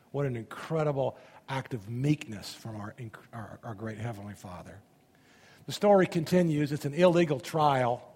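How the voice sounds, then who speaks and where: A man preaching a sermon, reading scripture aloud and commenting on it, swinging between loud emphasis and hushed asides. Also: mid-range voice, breathy edge, big-room sound.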